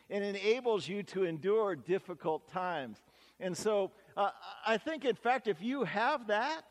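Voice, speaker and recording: A man's voice: high-pitched, in a large hall. A man preaching a sermon as pastor, talking in a conversational, folksy way with stories and asides.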